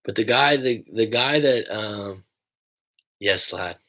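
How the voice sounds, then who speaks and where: A man's voice: on the low side, takes it slowly, pushed and bright. A young American man who coaches people through breakups, chatting casually and rambling on a livestream, swearing now and then. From United States.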